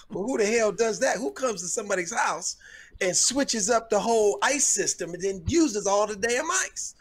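He's a comedian in casual podcast conversation, with a husky voice that sits high. His talk rambles, he restarts and self-corrects often, and he brags for laughs.

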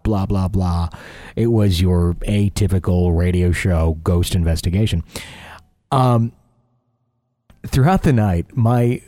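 A man's voice: fairly low pitch, dark tone, dry recording. A man hosting a paranormal call-in radio show, talking in a rambling, chatty, self-deprecating way.

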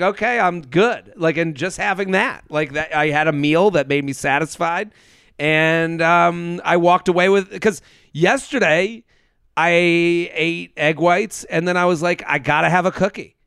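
A man's voice: fairly high pitch, a bit bright, smooth, no room sound, studio quality. A man co-hosting a casual chat, telling stories animatedly, acting out quotes and swearing. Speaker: podcast co-host.

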